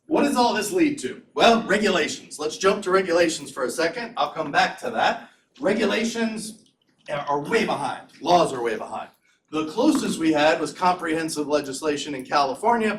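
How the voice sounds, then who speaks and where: A middle-aged man giving a conference talk in a lecture hall, conversational and animated, with rhetorical questions. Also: a little high, slight background noise. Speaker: conference speaker. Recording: echoey room, distant mic.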